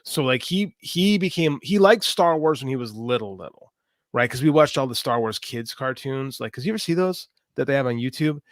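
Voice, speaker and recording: A man's voice: medium pitch, fairly quick, dry recording, studio quality. A man in his forties, co-hosting a podcast, telling stories with energy and swearing freely. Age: 40s. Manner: animated storytelling, swears freely. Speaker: podcast co-host. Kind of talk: casual chat.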